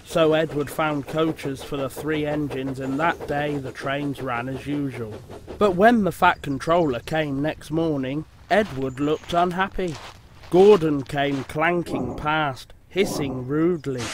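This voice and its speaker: A man reading a children's railway storybook aloud as narrator, in a measured storytelling manner. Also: fairly high pitch. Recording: noisy background hiss.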